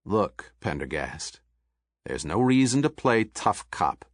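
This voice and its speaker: A man voicing an angry, blustering rich man who snarls threats and insults in a low, gruff voice. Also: very animated, takes it slowly, no echo, clean studio sound, exaggerated voice.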